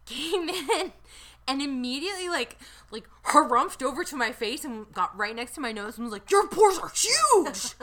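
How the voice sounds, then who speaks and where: A woman's voice: high-pitched, moderate pace, pushed and bright. A woman in her thirties co-hosting a podcast, chatting casually and telling jokey stories with acted-out quotes. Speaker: podcast co-host. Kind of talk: casual chat.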